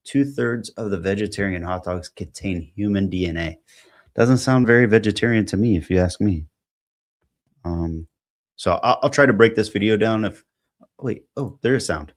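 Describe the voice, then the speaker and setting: Low-voiced man rambling through a solo podcast. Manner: rambling, halting, many fillers while thinking aloud. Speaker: podcast host. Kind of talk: solo podcast, reading posts aloud.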